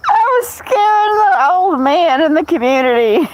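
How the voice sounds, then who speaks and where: A woman's voice: high-pitched, animated, slow, a little hiss or hum, low-quality recording. Chatty woman streaming from home. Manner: chatty, talks to viewers by name, storytelling. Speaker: livestream host. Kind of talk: casual livestream chat. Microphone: phone.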